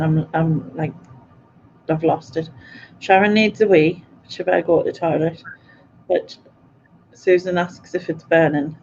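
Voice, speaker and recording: Speaking in a fairly low voice, a livestream host goes through live comments in casual conversation, giggling often between remarks. She's chatty and laughs frequently, and the dull lo-fi recording has slight background noise.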